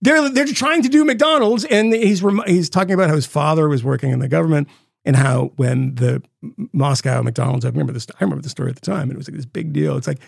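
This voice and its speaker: A man co-hosting a podcast, telling stories in a rambling, profane, animated way. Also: on the high side, quick pace, vocal fry, slightly rough, dry recording, clean studio sound. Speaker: podcast co-host. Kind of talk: casual chat.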